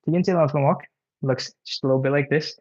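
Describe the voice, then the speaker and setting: A man's voice: a little high, fairly even intonation, very fast, darkish tone, lo-fi sound. A man leading a live home stretching workout, counting reps and coaching casually, a bit out of breath. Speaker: stretching instructor.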